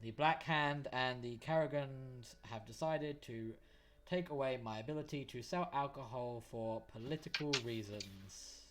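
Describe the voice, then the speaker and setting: A man's voice: medium pitch, unhurried, a little hiss or hum, voice pushed down, natural voice. A man voicing a wary, guarded tavern barman in a tabletop game, who speaks formally and carefully. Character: wary middle-aged male tavern barman.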